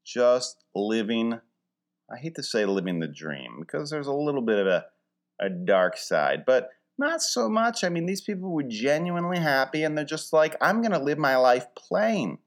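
A man's voice: medium pitch, sing-song, moderate pace. A man from Philadelphia hosting a casual comic monologue, rambling with wry, dry humor and mock-grand wording.

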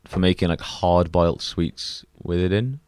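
A man's voice: low voice, measured pace, a little mellow, clear, resonant tone, no echo, studio quality. A man co-hosting a casual podcast, chatting and swearing, acting out little quotes. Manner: conversational, swearing, acts out quotes. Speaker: podcast co-host. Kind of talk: casual profane chat.

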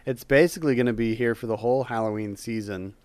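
A podcast co-host chats casually in a smooth, resonant voice that is medium-pitched and darkish in tone, moving at a quick pace. He's eagerly enthusiastic and rambles, restarting his sentences now and then. The sound is close and dry with no echo.

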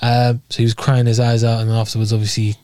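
A man chats about fights in a loose, rambling way, full of ums and restarts. His voice is dark and mellow, recorded close and dry, with no room sound. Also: mid-range voice, fast talker, no room sound. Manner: relaxed, rambling, many fillers. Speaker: podcast co-host. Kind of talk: casual sports chat.

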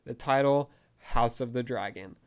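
A young man hosting a fan podcast, gushing with breathless, excited commentary and frequent outbursts. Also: medium pitch, measured pace, clean tone. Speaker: podcast host.

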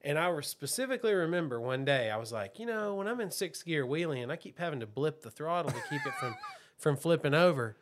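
A man's voice: on the high side, lively intonation, brisk. A man co-hosting a casual motocross chat, telling stories with frequent laughs. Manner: joking storyteller, laughs often. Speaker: podcast co-host.

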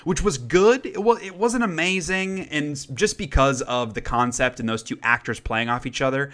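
Chatty man with a bright voice. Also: mid-range voice, moderate pace. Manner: chatty, rambling, with frequent fillers and restarts. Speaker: podcast co-host. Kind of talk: casual chat reviewing movies.

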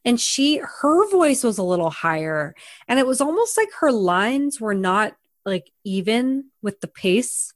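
A young woman co-hosting a movie review podcast, exasperated and expressive, swearing freely. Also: a little high, measured pace, no echo, clean studio sound. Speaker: podcast co-host. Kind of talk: casual movie review chat.

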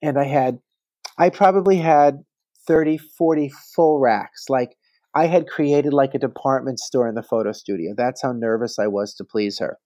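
An animated man in his fifties from New Jersey tells gossipy stories as a podcast guest. His voice sits at a middling pitch and comes across dry and close to the mic. He keeps adding playful asides as he goes. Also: moderate pace, no room sound. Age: 50s. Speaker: celebrity stylist, podcast guest. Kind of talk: casual interview storytelling.

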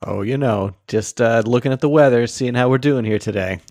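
A man's voice: mid-range voice, fairly quick, darkish tone, dry recording, clean studio sound. A man co-hosting a casual sports podcast, laid-back and playful, laughing often. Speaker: podcast co-host.

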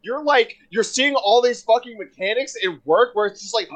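A man in casual podcast chat, excitable and rambling, swearing often with lots of fillers. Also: extremely high pitch, normal speed.

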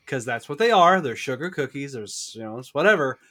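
A man's voice: mid-range voice, sing-song, fairly quick, fairly bright tone. A man co-hosting a casual podcast chat, playful and mock-outraged. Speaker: podcast co-host.

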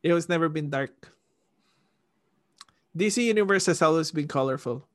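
A man chatting casually about superhero films, excitable and ranting, laughing often and swearing. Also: on the high side, moderate pace, no room sound, studio quality.

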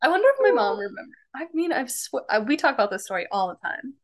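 A young woman co-hosting a casual chat podcast, gushing and full of fillers as she tells animated stories. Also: high-pitched, fast talker. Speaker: podcast co-host.

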